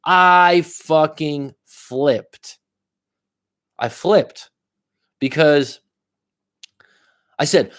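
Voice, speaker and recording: Speaking very slowly with long pauses, an expressive life coach offers blunt, profane, casual advice on a livestream. He addresses one viewer directly, shifting from loud emphasis to hushed asides.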